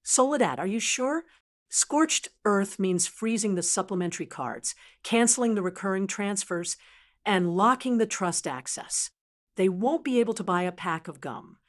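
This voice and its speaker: A woman voicing a cautious middle-aged man, a banker who speaks in a measured, wary way. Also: mid-range voice, expressive, lightly acted.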